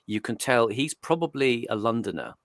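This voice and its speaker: A man's voice: medium pitch, very animated, normal speed, a bit bright, no echo, clean studio sound. A man from Northeast England hosting a casual podcast discussion, talking in a digressive, reflective way with many restarts. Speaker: host. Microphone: streaming setup mic.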